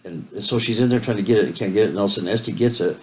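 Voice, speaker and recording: Fast-talking, swearing man in an echoey room. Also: lowish voice. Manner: rambling storytelling, heavy swearing. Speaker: co-host of a couple's video talk. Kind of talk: casual chat. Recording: roomy echo with faint hiss.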